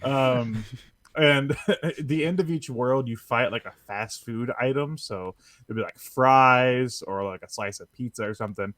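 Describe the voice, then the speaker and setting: A man's voice: medium pitch, measured pace, fairly bright tone, dry recording, studio quality. A man chatting casually on a gaming podcast, reviewing a game with lots of fillers and chuckles. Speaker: podcast co-host.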